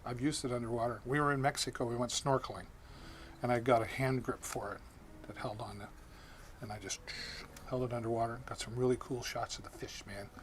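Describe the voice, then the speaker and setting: A man's voice: mid-range voice, fairly even intonation, a little fast, slight background noise. A man hosting a live shopping stream, chatting casually and greeting viewers by name as he demos products. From Canada.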